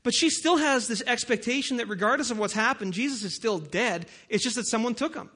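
A man preaching a sermon as pastor, opening with a soft, lowered prayer and moving into a casual, conversational Bible talk. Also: a little fast.

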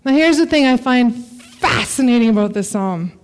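High-voiced woman preaching a sermon. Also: moderate pace. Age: adult parent. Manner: expressive, dramatic scripture reading with laughs.

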